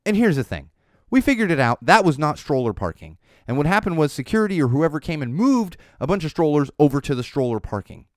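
Animated ranting podcast man. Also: fairly high pitch, fast, no echo, clean studio sound. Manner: animated storytelling, ranting, drops to muttering asides. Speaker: podcast host. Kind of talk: casual solo podcast talk.

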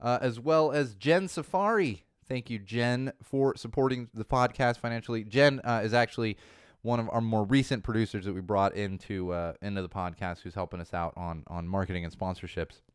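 Casual male podcast host, smooth voice. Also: lowish voice, moderate pace, no room sound, studio quality. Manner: rambling, lots of fillers and restarts. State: slightly losing his voice.

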